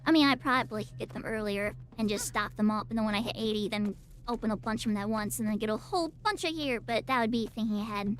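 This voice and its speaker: A woman's voice: medium pitch, fast talker, fairly bright tone. A woman streamer giving chatty, playful, self-mocking commentary while playing a game. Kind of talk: casual gameplay commentary.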